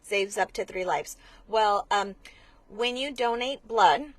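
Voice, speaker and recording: A woman speaks as an interview guest, earnest and explanatory. She often restarts her sentences and fills pauses with small hesitations. Her voice sits at an ordinary middle pitch. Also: no echo. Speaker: blood center marketing manager, guest. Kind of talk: conversational interview.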